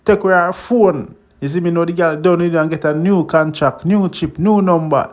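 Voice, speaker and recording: A man's voice: on the high side, fairly even intonation, fairly quick. A man with a Jamaican accent hosting a reaction vlog, chatting in patois and laughing often. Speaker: host.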